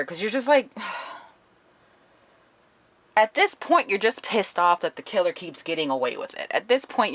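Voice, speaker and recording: A woman's voice: mid-range voice, fairly bright tone, dry recording. A woman giving a casual spoken book review, retelling the plot bluntly and swearing often.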